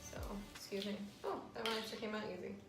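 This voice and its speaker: Speaking quickly in a steady, mid-range voice, a young vlogger openly shares her fertility treatment in a relaxed explainer, filler words and all. The recording, made in a room at home, has an echo and faint music behind her.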